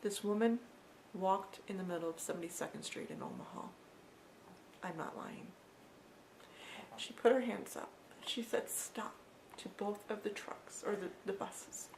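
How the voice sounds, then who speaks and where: A woman recounting a personal story for her vlog, with a gravelly edge to her voice at an ordinary pitch. She talks in a loose, repetitive way and keeps turning to the viewer with asides. Faint ambience sits behind her. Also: moderate pace, darkish tone, slight background noise, poor audio. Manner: repetitive, conversational retelling with frequent asides. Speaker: vlogger.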